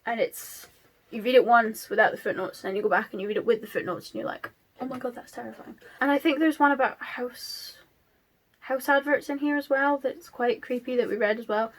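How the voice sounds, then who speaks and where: A woman's voice: a little high, fairly quick. A woman, chatting casually about books as a vlogger, rambling with many fillers and restarts. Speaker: book vlogger. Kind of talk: casual chat.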